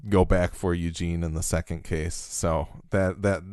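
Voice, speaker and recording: A man's voice: low-pitched, level tone, unhurried, dark tone, clear, resonant tone, no room sound, studio quality. A man co-hosting a podcast in casual chat, thoughtful and a little hesitant, with fillers and restarts. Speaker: podcast co-host.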